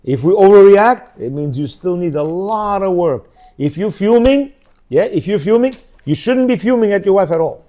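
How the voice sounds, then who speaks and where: A middle-aged religious teacher gives an informal Torah lecture at normal speed, his voice fairly high for a man yet warm and mellow. He talks conversationally, constantly checking in with "yeah?" and "you know," and acts out quoted speech in shifting voices.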